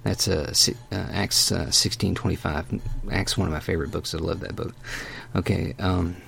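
Preacher guy, low gravelly husky voice, super animated, bounces all over the place, chatty folksy sermon. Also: normal speed. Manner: animated, emphatic, folksy asides. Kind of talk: conversational sermon.

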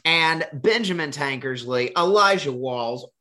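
A man's voice: a little high, expressive, a little slow, pushed and bright. A man hosting a podcast in casual chat, rambling and joking, often restarting his words. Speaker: podcast host.

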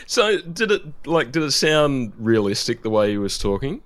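A podcast host asking quick questions and giving brief reactions. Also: mid-range voice, sing-song, dry recording. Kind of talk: casual podcast interviewing.

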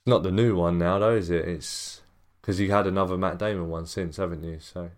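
A man's voice: deep voice, fairly quick. A man co-hosting a podcast, talking casually and swearing freely. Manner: laid-back, swears freely, lively storyteller. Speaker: podcast co-host. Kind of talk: casual chat.

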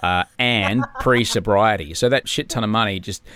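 A man's voice: fairly low pitch, normal speed, fairly bright tone. A man, a guest in casual chat, speaking candidly and a little subdued while recovering from surgery. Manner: candid, swearing, drops to a whisper at times. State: subdued, in pain after surgery. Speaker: podcast guest, TV host.

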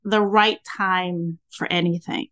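A woman in her sixties hosting a podcast, chatting casually and telling stories with lively, acted-out reactions. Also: fairly low pitch, takes it slowly. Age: 60s. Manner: animated storyteller acting out her own reactions. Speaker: podcast host. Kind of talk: casual interview chat.

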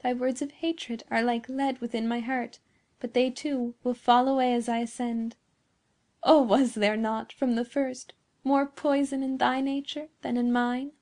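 A woman's voice: a little high, level tone, a little slow. Woman reading as a frail, doomed young woman. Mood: sorrowful. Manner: soft and feeble.

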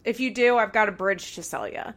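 A woman's voice: mid-range voice, animated, fairly quick, fairly bright tone. A young woman hosting a podcast, recapping a show in heated, profane rants. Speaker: podcast host.

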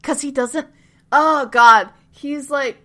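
A woman in casual chat, recapping a TV episode with lots of laughter and quick acted-out lines. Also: sits high. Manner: animated, laughing, swearing, acts out characters in quick voices. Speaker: podcast co-host recapping a TV show.

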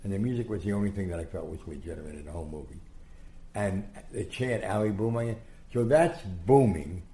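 Gravelly older man telling stories. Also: sits low, brisk, a little hiss or hum. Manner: animated, acts out quotes, many restarts. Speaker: guest storyteller. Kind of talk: anecdotal interview storytelling. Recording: echoey room.

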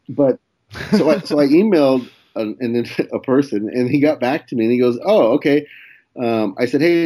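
Mellow and medium-pitched, this young man is a comedian guest spinning a story in easygoing chat. He swears freely and performs the quoted dialogue, laughing along the way.

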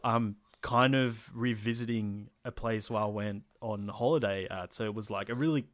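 A man's voice: lowish voice, normal speed, no room sound. A man, telling a story in a casual podcast chat, full of fillers and swearing. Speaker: podcast co-host.

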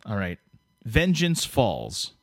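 A man's voice: fairly low pitch, wildly swooping pitch, slow pace, dry recording, studio quality, faint music behind. A man hosting a podcast, chatting casually and jokily with a guest, full of fillers and restarts. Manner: rambling, jokey, many restarts and fillers. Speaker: podcast host. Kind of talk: casual interview chat.

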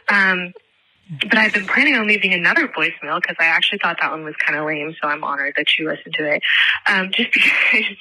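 A tipsy young woman in her late twenties rambles happily through a voicemail, packing her talk with fillers. Her voice is very bright and close, with a dry sound and no room around it. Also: lowish voice, no echo, rough recording. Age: 20s. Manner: giddy, chatty, lots of fillers. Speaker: voicemail caller.

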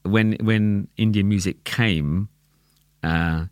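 A man with a London accent, a tabla player talking as a guest in a casual conversation, animated and quick to laugh, often repeating words as he thinks. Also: fairly low pitch, no echo, studio quality.

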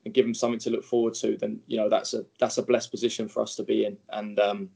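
A man answers interview questions as a footballer, often restarting his sentences. His voice has a gravelly edge. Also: lowish voice, level tone, mellow. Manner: halting, many restarts and fillers.

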